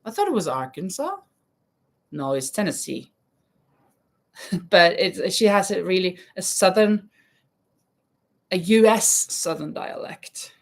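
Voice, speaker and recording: A woman hosts a casual live stream from her home in Spain, crocheting as she chats, reading viewer comments aloud and laughing often. Her fairly low voice has a sing-song quality, and she speaks slowly with frequent pauses.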